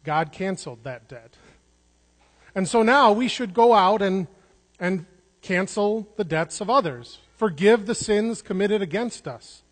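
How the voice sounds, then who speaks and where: High-voiced preacher in a reverberant hall. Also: male voice, expressive, measured pace. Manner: earnest, repeats words and restarts when stressing a point. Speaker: pastor. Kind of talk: sermon.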